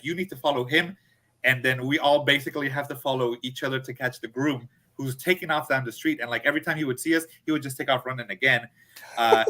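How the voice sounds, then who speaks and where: A man telling a story in a casual chat, animated, acting out his friends' lines. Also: mid-range voice. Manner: animated, acts out friends' quotes. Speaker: podcast co-host.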